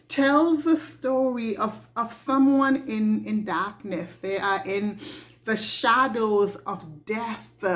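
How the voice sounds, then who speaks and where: A woman giving a devotional reflection in an earnest, halting way, often repeating her words. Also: fairly high pitch. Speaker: devotional speaker. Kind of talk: slow reflective devotional talk.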